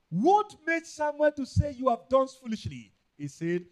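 A man with a Nigerian accent preaching a sermon, emphatic and repetitive, rising into loud bursts. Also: extremely high pitch, very animated, slow, pauses often. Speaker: pastor.

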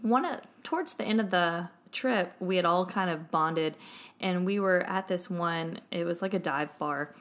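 A woman, an English teacher, telling a story in a casual chat with a friend, animated and laughing through the funny parts. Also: fairly low pitch, unhurried. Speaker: podcast co-host and English teacher.

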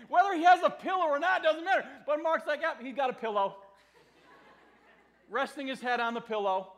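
An American man preaching a sermon, telling a story with animated swings between loud quoted lines and hushed asides, laughing often. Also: sits high. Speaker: pastor.

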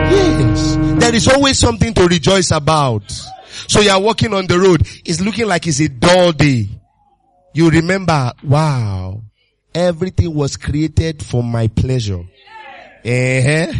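A man preaching a sermon as pastor, exuberant and full of repeated calls and sudden shouts. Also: on the high side.

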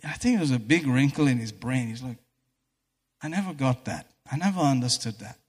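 A man preaching a sermon in a church hall, fervent and breaking into exclamations of praise. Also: mid-range voice. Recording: echoey hall reverb.

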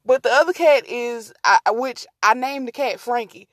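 A woman's voice: on the high side, normal speed, fairly bright tone, no echo, clean studio sound. A woman hosting a casual solo podcast, rambling and easily distracted, talking to her listeners as y'all. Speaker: podcast host.

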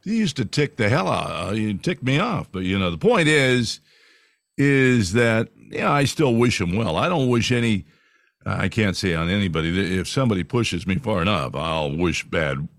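A male co-host with a gravelly, fry-laden voice speaks in a relaxed way, stumbling and repeating words as he talks. His pitch swings widely and expressively. The sound is dry and close-miked. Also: dry recording. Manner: laid-back, halting, repeats words. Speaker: podcast co-host. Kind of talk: casual political chat.

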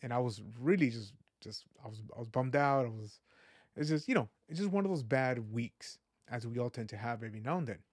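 A man hosts a podcast, musing aloud in a casual monologue with a medium-pitched, expressive voice that runs a little fast and carries a breathy edge. Earnest and faith-minded, he rambles, restarts and keeps saying "you know" and "like," all in a dry, close recording with no room sound.

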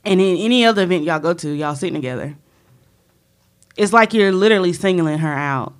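A woman co-hosting a casual chat, arguing her point in relaxed, slangy speech. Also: lowish voice, a little fast. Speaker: podcast co-host.

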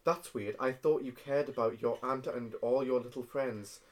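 A cruel male villain who mocks his captive in low, taunting tones, as a man reading aloud voices him. The voice stays close to the reader's own. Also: fairly even intonation, normal speed, darkish tone, close to an everyday voice.

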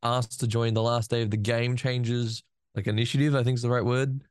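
A man on a podcast, rattling off quick, joking banter. His voice is mid-pitched and his lines come fast, recorded close and dry with no room sound. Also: flat delivery, clean tone, dry recording. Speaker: podcast co-host. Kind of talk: casual chat.

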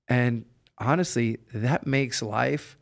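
A man's voice: mid-range voice, takes it slowly, creaky. A man hosting a heart-to-heart interview, telling stories in an earnest, upbeat way. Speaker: podcast host.

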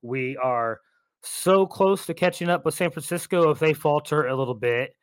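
A man co-hosting a sports podcast, making his points in a measured, reasoning way. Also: on the high side, smooth, no room sound. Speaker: podcast co-host.

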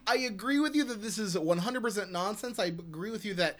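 A man co-hosting a casual political chat, animated and ranting, swearing often. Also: sits high, brisk. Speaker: podcast co-host.

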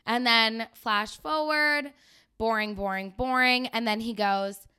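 A woman's voice: on the high side, slow pace, pushed and bright, smooth. A young woman, hosting a podcast and telling a story casually, chatty and sarcastic, laughing often. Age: young adult. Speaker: podcast host.

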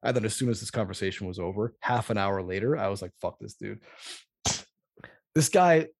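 A man hosting a casual podcast, telling a rambling, profane story in an animated way. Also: fairly low pitch, fast, no room sound, clean studio sound.

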